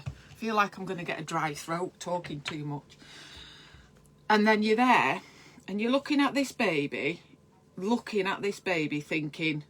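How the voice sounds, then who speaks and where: A woman's voice: lowish voice, lively intonation, normal speed, fairly bright tone. A woman midwife, giving chatty, encouraging advice in a casual live stream and talking straight to her viewers.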